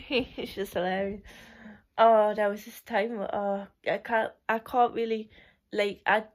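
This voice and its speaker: A woman's voice: medium pitch, steady tone, slow pace, long pauses. A young woman reminiscing in a casual, rambling way, full of "like" and restarts, often laughing.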